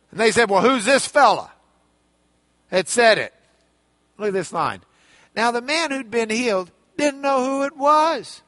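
A man preaching a sermon, retelling a Bible story with animated storytelling and playful character voices. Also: very high voice, unhurried, dry recording.

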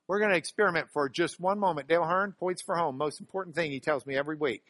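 A man preaching a sermon as pastor, hammering single words with big swings in loudness and leading the congregation in call-and-response. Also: a little high, big pitch swings, a little fast, no room sound. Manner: ends in a quiet, soft-spoken prayer.

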